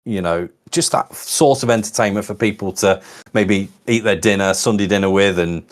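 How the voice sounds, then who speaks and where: A man's voice: fairly low pitch, moderate pace. A man, co-founder and host, chatting casually and rambling with plenty of "you know". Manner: rambling, warm-hearted, lots of "you know". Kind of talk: casual livestream chat.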